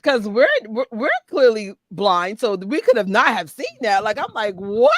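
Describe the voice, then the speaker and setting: A woman's voice: medium pitch, very animated, a little slow, no room sound, clean studio sound. A woman guest in a casual chat who tells her side of the story in a sassy, emphatic and playful way.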